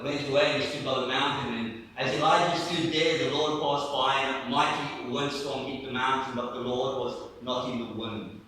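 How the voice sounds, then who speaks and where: A man preaches a sermon, acting out the story and sinking to a hush to make his points. His voice is bright and forceful. It reaches the mic from a distance through a very reverberant church, with faint noise underneath. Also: medium pitch. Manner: animated storytelling preacher, acting out scenes, dropping to a hush for emphasis. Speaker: pastor.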